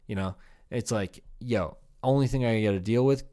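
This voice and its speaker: A man's voice: fairly low pitch, moderate pace, mellow. A young man from Iowa, a comedian hosting a podcast alone, rambling through a profane comedic rant with laughing asides. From Iowa, USA.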